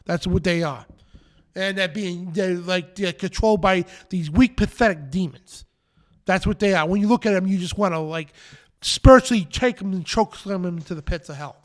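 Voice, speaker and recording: A man's voice: high voice, normal speed. A man hosting a live show, preaching in an emphatic, defiant rant and repeating his phrases. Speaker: show host.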